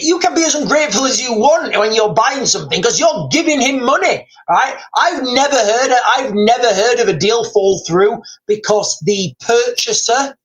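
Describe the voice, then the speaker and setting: A British man with a very high-pitched, slightly bright voice hosts a livestream, rambling casually through the news and saying "guys" and "like" a lot. The recording quality is low.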